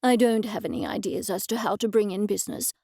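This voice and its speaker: A woman voicing a calm, professional male accountant who speaks in a measured way. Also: medium pitch, husky, no echo, clean studio sound. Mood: level. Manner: measured and matter-of-fact.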